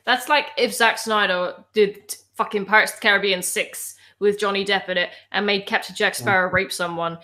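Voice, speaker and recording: A woman with a mid-range voice chats with friends in a blunt, animated way. She swears freely and jumps in with sharp comparisons. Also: mid-range voice, moderate pace, hardly any pauses. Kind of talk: casual chat among friends.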